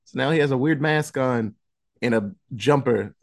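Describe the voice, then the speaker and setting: A man's voice: medium pitch, normal speed, creaky. A man on a podcast casually recapping a horror movie plot, rambling with lots of fillers and restarts. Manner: casual, chuckles while recapping. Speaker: podcast co-host.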